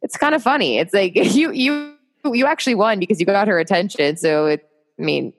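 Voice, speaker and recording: A woman's voice: mid-range voice, animated, brisk. A woman guest chatting on a podcast, upbeat and motivational, laughing often. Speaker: podcast guest, marketing entrepreneur. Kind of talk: casual interview chat.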